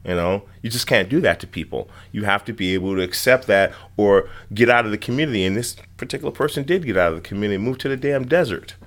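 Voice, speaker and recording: 50s guy chatting loose, swears freely, quick to laugh. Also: lowish voice. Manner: frank and profane, laughs easily. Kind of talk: casual chat.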